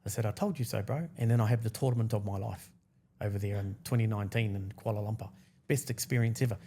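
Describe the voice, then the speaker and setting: A man's voice: fairly low pitch, quick pace, breathy edge. A New Zealand man in his forties, a podcast guest telling his story casually and acting out the dialogue in slangy speech. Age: 40s. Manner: animated, acts out quoted dialogue, slangy.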